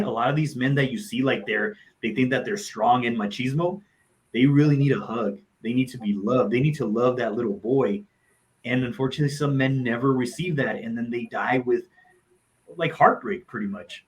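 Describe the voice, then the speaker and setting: On a live talk show, a guest who is a motivational speaker and coach earnestly tells heartfelt personal stories, repeating phrases for emphasis. He has a mid-range voice at normal speed, on a low-quality recording.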